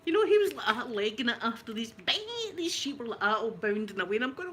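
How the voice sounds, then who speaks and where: A woman with a Scottish accent telling a family story in casual talk, animated and often laughing. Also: a little high, fast, hardly any pauses, slightly rough. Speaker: ASMR channel host telling a family story.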